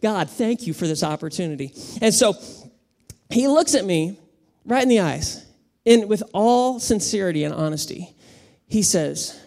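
A man in his thirties, a pastor preaching a sermon with animated, humorous storytelling. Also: high voice, normal speed, vocal fry.

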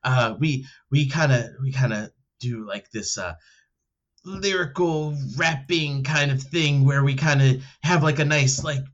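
A man playing a tabletop game who tells in-character stories in a rambling way, with many fillers, laughing, and higher voices for other characters. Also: measured pace, a bit bright, muffled recording. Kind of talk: in-character role-play storytelling.

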